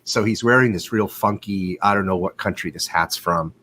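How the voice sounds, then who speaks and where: A man with a lowish voice hosts a loose, unscripted live stream. He rambles through anecdotes with cursing and bursts of animation. He is heard through a desktop mic on a video call. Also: moderate pace. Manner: rambling, profane, animated storytelling. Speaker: host of a live watch show. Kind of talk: casual live-stream chat. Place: home in California.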